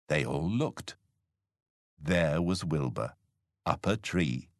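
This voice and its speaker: A man reading a children's storybook aloud, slow and expressive. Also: very deep voice, no room sound, clean studio sound. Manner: slow, animated, expressive read. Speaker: storybook narrator.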